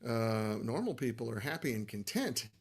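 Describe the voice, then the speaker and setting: A man's voice: medium pitch, big pitch swings, normal speed, husky. A middle-aged man hosting a casual livestream, talking in a loose, rambling, self-deprecating way. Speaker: livestream host, amp builder.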